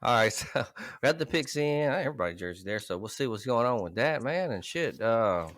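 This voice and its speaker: Bright-voiced, lively male podcast host. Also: mid-range voice, a little fast, no echo. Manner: loose, profane, laughing banter. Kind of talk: casual comedic podcast chat.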